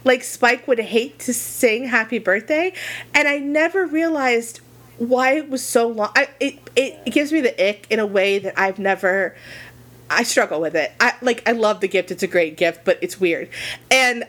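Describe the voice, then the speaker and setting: A woman's voice: on the high side, moderate pace, fairly bright tone. A woman co-hosting a podcast, telling a rambling, gushing story in casual chat. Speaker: podcast co-host.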